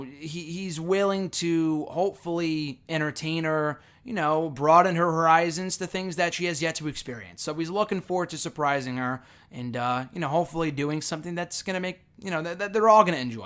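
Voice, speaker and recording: A young man talks through a television episode in a loose, chatty monologue. His voice sits a little higher than most men's, and he rambles, stacking up fillers and correcting himself mid-sentence. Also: normal speed, a bit bright. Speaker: show reviewer. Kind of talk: casual recap monologue.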